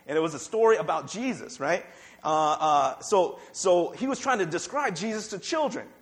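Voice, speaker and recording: A man with a notably high voice delivers a conversational sermon. He stumbles and repeats words as he goes and keeps checking in with the congregation. It sounds like a pastor talking through a passage in church. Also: lively intonation, moderate pace. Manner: conversational preaching, repeats words, asks "right?" often.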